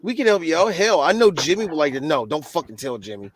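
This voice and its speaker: A man's voice: fairly high pitch, quick pace. A man co-hosting a casual football podcast, joking and swearing freely while he makes his picks. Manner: animated, profane, jokey. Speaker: podcast co-host. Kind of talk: casual sports chat.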